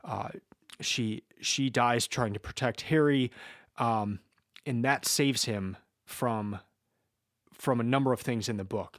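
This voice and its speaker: Halting reflective man, dry close sound. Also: mid-range voice, no echo. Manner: halting, many repeated starts. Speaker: speaker discussing a book series. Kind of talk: casual reflective talk with read-aloud quotes.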